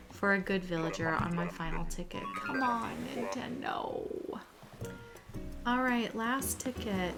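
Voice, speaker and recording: An excitable woman chats to her viewers as she plays a game, gushing and fretting aloud. She talks at an easy, drawn-out pace with plenty of pauses. Bright game music plays clearly under her voice. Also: on the low side. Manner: excitable, chatty, addresses viewers directly. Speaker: gaming channel host. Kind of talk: casual gameplay commentary.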